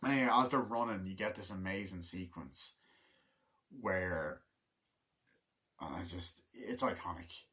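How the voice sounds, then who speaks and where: A man chats loosely about a film in a somewhat low voice. He swears often and hums bits of the score as he goes. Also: measured pace, pauses often, pushed and bright. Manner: rambling, swears freely, hums the music. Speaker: movie reviewer. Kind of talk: casual spoken movie review.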